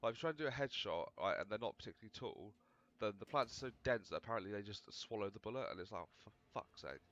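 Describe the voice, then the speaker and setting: A gaming video host talks over his gameplay in a loose, chatty, self-deprecating ramble, speaking rapid-fire and animated. His voice is fairly low and a bit bright. The audio is dull, and the mic sounds slightly overdriven.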